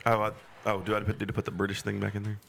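A man's voice: on the low side, completely flat delivery, racing, vocal fry, a crowd in the background. Man running a party word game. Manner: calls on players in turn for words. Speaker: game leader. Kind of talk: casual chat among friends.

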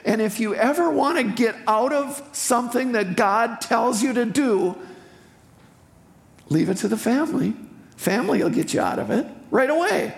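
An older speaker from eastern Wisconsin giving a personal testimony sermon in a church sanctuary, telling the story in a heartfelt, unhurried way with emotional swells. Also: mid-range voice, lively intonation, vocal fry. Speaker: guest speaker at a church service. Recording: echoey hall with faint music.

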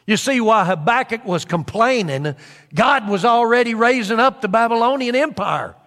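A man's voice: extremely high pitch, lively intonation, normal speed, a bit bright, in a large hall. A man preaching a sermon in an earnest way, repeating phrases for emphasis with frequent fillers.

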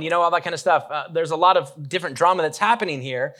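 A man preaching a relaxed, conversational sermon, joking with the congregation and talking with many fillers and restarts. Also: on the high side, racing, hardly any pauses. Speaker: pastor.

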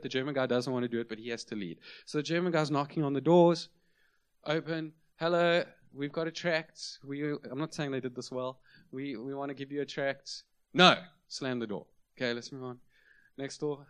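A middle-aged man preaching a sermon in a conversational, self-deprecating storytelling manner. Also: medium pitch. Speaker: pastor.

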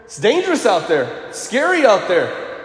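Animated priest preaching in an echoey church. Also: male voice, high-pitched, normal speed. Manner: animated storytelling with acted quotes. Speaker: Catholic priest. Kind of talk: sermon.

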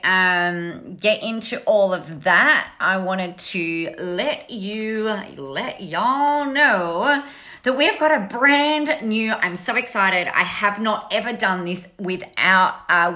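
A woman's voice: medium pitch, sharp tone. A woman, chatting casually and upbeat on a live stream as an online business coach, often interrupting herself. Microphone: phone.

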